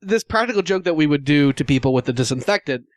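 A man with a fairly high voice tells a story with lots of energy and often laughs as he acts out what people said. The sound is dry and close, with no room echo. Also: animated, fast. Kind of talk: casual storytelling chat.

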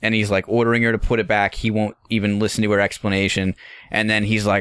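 A man co-hosting a podcast, telling a story in an animated, profane, casual way. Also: fairly low pitch, fast, smooth, no echo. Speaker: podcast co-host.

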